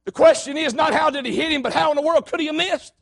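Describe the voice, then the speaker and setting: A preacher, giving a fervent sermon, often shouting, with a folksy storytelling manner. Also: male voice, very high voice, fast, creaky.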